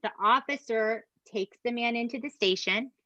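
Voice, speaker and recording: A fairly high-voiced woman recaps a true-crime case for her co-hosts, swearing freely and leaning hard on her outrage. The sound is dry and a little dull, like a home podcast mic with the highs rolled off. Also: normal speed, no echo. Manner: animated, profane, emphatic asides to co-hosts. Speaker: podcast host. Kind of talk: casual true-crime storytelling.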